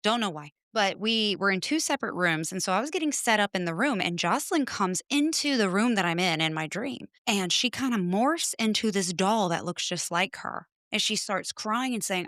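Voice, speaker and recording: A woman's voice: medium pitch, lively intonation, moderate pace, few pauses, fairly bright tone, no echo. A woman chatting as a podcast guest from her home studio, telling stories animatedly and acting out conversations. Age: adult with children. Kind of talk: casual chat.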